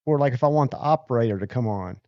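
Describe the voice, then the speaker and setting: A man's voice: mid-range voice, quick pace, dry recording, lo-fi sound. A man hosting a casual livestream, chatting loosely and thanking viewers by name. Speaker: livestream host.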